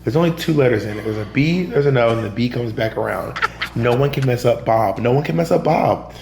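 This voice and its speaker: A man from Georgia chats as a podcast guest, telling stories with animated delivery and voicing the people in them. His voice carries a roomy echo, with a faint hum underneath. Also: medium pitch, a little fast. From Georgia, USA. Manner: animated, acts out other people's lines in quotes. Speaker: podcast guest, drag performer and comedian. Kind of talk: casual storytelling in an interview.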